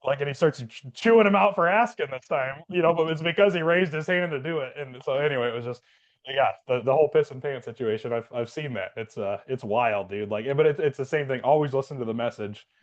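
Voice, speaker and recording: A man's voice: medium pitch, fairly quick, highs cut off. A man, a podcast co-host and Air Force veteran, telling a rambling story in casual chat with lots of fillers. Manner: rambling, many fillers and restarts.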